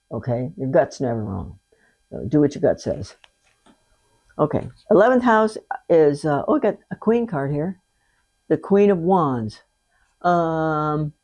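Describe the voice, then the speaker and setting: A woman's voice: low-pitched, darkish tone, slightly rough. An older woman giving a chatty tarot reading, talking straight to the viewer with folksy exclamations. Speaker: tarot reader. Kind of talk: casual tarot reading to camera.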